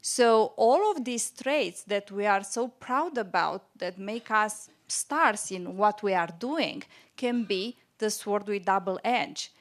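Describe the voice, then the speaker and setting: A woman's voice: mid-range voice, lively intonation, takes it slowly. Woman doctor on a panel, thoughtful and earnest, mid-range voice. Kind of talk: panel discussion.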